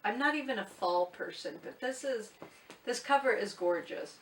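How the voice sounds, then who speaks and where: This book vlogger's voice sits on the high side, expressive and moderately paced, with slight background noise. She speaks casually and bluntly, teasing herself along the way, in an echoey room with the mic set at a distance.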